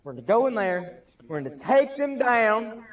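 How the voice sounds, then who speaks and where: A man voicing a fired-up squad leader in a comedic skit who keeps telling his squad to calm down. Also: high-pitched, normal speed, far from the mic. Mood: hyped, bossy. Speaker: squad leader in a fan video.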